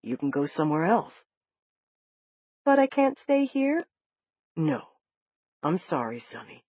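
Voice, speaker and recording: A woman voicing a gruff, big man who speaks low, quietly and curtly to a frightened girl. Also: moderate pace, no echo. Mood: gentle. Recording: dull lo-fi dry recording.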